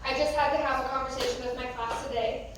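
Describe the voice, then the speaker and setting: A woman's voice: sits high, fairly even intonation, fast, background noise. A young American woman, a youth pastor, giving a casual, conversational talk with many fillers. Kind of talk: youth sermon. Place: church youth room. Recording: echoey room, from a distance.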